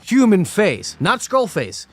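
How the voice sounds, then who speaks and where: A man co-hosting a casual movie review podcast, joking around and throwing in sound-effect shouts. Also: sits high, slow, faint music behind. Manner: animated, jokey, sound-effect interjections. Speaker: podcast co-host.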